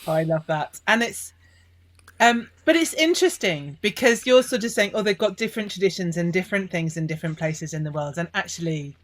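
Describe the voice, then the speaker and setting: Female host from Britain, eager and chatty, slightly low voice. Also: expressive, a little fast. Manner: enthusiastic, chatty. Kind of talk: casual chat.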